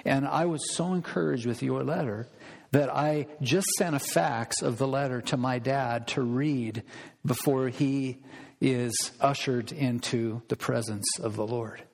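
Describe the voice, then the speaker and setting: A man's voice: mid-range voice, unhurried, creaky, pitched below the performer's own voice. A man quoting a Southern US preacher in a heartfelt, earnest way, with a Southern accent, in a hall with long reverb. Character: warm Southern male preacher on the phone.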